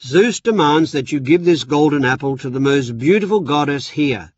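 A man's voice: a little high, expressive, normal speed, no room sound, recorded from a distance. A dutiful messenger god announcing a decree in a formal, official tone, as a man reads a storybook. The recording is dry and a bit dull.

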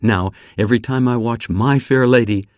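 A man reading a personal essay aloud in a slow, careful manner with measured emphasis. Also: medium pitch, darkish tone, dry recording, clean studio sound.

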